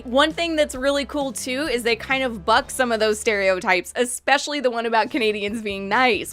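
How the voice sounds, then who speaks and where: A young woman with a bright, slightly high voice talks through a movie review in a loose, chatty way. She is animated and breaks into laughs often, over faint background music. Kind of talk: casual spoken movie review.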